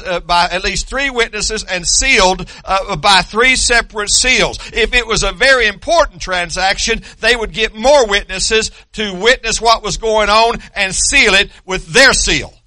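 A man's voice: sits high, bright, forceful tone, no room sound. An older man preaching a sermon in an emphatic, repetitive way, with many hesitations.

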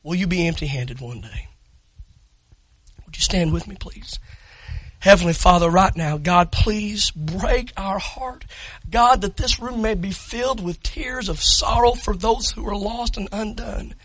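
A man preaching a sermon, impassioned, shouting and near tears at the peaks. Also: high-pitched, measured pace, dry recording, poor audio. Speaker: pastor.

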